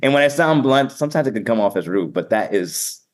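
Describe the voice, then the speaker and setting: Energetic man with a Boston accent. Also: mid-range voice, brisk. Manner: energetic, upbeat and sometimes blunt. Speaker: event emcee and keynote speaker. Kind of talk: casual podcast interview.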